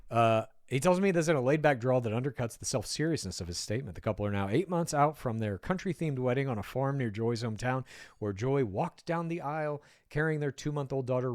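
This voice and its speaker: A man's voice: medium pitch, a little mellow, no echo, studio quality. A man giving casual, wry commentary while reading an article aloud, often drifting off on tangents and swearing now and then. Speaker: pop culture commentator.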